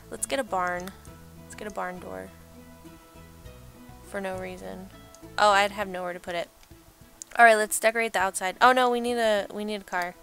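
Young female gamer, casual rambling commentary, mid-pitched, game music low behind. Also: gravelly, fairly bright tone. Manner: chatty, rambling, self-deprecating, laughs often. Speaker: let's play gamer.

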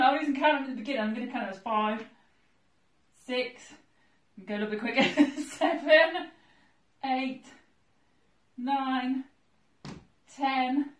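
A woman vlogging her workout, out of breath, laughing nervously as she counts her reps. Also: on the high side. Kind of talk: casual workout vlog. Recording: roomy echo, voice a little far from the mic.

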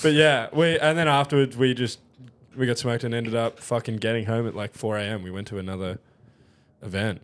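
A man's voice: mid-range voice, steady tone, a little fast. Male comedy co-host, easy laugher, echoes punchlines, casual and crude. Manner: laughs often, echoes others' jokes. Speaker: podcast co-host.

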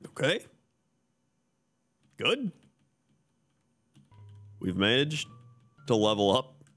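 A man's voice: medium pitch, very animated, extremely slow, a bit bright, faint music behind. A male streamer giving laid-back, wry live commentary on his own game play.

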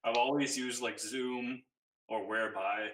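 A man's voice: medium pitch, fairly even intonation, a little slow, fairly bright tone, a little hiss or hum. A man chatting offhandedly on a video call. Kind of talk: casual chat on a video call. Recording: echoey distant call audio.

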